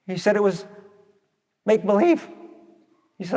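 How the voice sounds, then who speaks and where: With a high, sing-song voice that's a little mellow, he speaks at a moderate pace and pauses often, a long reverb tail following his words. He's a radio advice speaker telling folksy stories conversationally, addressing listeners directly and acting out quotes.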